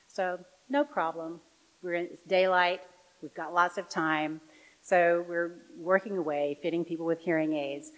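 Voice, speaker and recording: Lady telling a church group her story, lowish voice, gets lively then goes real quiet. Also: poor audio. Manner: animated storytelling, dropping soft and quiet for serious moments. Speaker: volunteer audiologist giving a parish talk. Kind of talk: personal storytelling talk.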